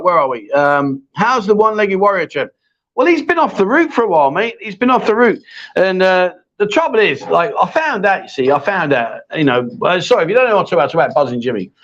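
A man's voice: high-pitched, a bit bright. A middle-aged man hosting a casual live chat show, chatty and joking as he reads out viewer questions. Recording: dull lo-fi stream audio.

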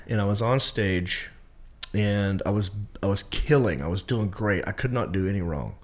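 A man's voice: lowish voice, normal speed. A man, a stand-up comedian, telling a story on a podcast and acting out his own lines in a raised voice. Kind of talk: animated storytelling.

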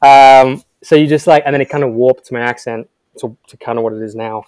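A man's voice: mid-range voice, fairly even intonation, fairly quick, a little mellow, no room sound. Young man with a blended English-American accent. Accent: mixed English and American. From England. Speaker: podcast guest. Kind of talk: casual interview chat.

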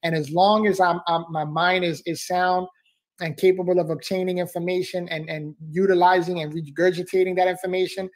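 A man with a high-set voice talks with fervent, motivational energy as a podcast guest. He circles back on his phrases and keeps calling the host bro and man.

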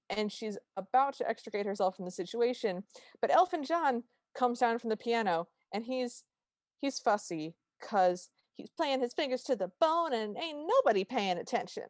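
A woman's voice: fairly high pitch, animated, normal speed, dry recording, clean studio sound. Woman podcaster narrating a plot. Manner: narrates the plot in detail, quoting lines. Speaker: podcast co-host. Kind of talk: casual chat recapping a TV special.

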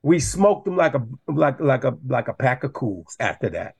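A man, a former college running back, talking football as a guest in a passionate, animated way that rises when he gets riled up. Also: mid-range voice, normal speed, gravelly, slightly rough. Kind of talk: casual sports talk.

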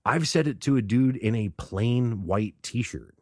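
A man's voice: mid-range voice, expressive, a little slow, a little mellow, no echo, studio quality. A man hosting a casual solo podcast, talking loosely, laughing often and acting out the people he quotes. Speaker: podcast host.

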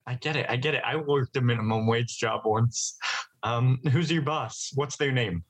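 A man's voice: medium pitch, moderate pace, poor audio. A man playing a tabletop game, bantering cheekily in character. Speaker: player.

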